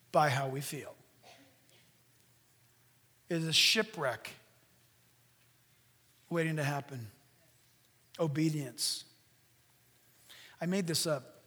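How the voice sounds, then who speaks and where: A man preaching a sermon as a pastor, animated, now and then mimicking voices in a high shout. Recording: long hall reverb.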